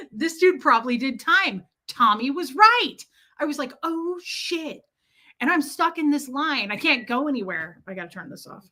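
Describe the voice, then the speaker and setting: Animated woman streamer telling a story, bright voice, laughs a lot, swears. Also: high voice, moderate pace. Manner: animated, laughing, lots of profanity. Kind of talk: casual storytelling.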